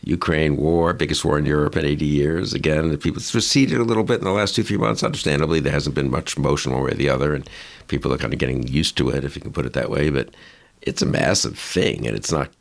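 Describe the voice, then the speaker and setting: Male interview host, very low and gravelly, rambling and musing in casual conversation. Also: quick pace. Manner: musing, rambling, with restarts and asides.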